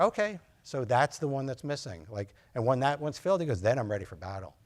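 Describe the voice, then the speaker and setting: Speaking fast at a medium pitch with big swings, this doctor lectures nurse practitioners in a relaxed, story-driven way. Fillers pepper his talk, and he performs both sides of his patient conversations.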